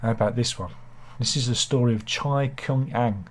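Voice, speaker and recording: A man's voice: medium pitch, normal speed. A man with a British accent hosting a casual satirical news chat, rambling and self-deprecating with asides. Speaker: host.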